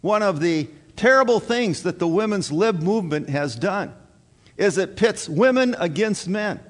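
A man's voice: high-pitched, animated, measured pace. A male pastor preaching a sermon to his congregation in an earnest, emphatic way, repeating his key points. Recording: long hall reverb.

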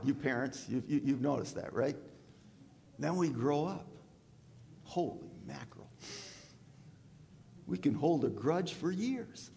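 Folksy, animated preacher in a reverberant hall. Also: male voice, a little high, creaky, a little hiss or hum. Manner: folksy, repeats "you with me on that?"; stammering restarts, animated delivery. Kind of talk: sermon. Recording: long reverb of a large hall.

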